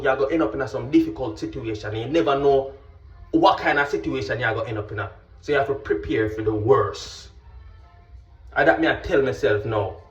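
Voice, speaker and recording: A man, a vlogger and pilot telling a story in an animated, casual way and often checking that the listener understands. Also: fairly high pitch. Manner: animated, keeps asking "you understand?". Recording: roomy, distant, dull with faint music.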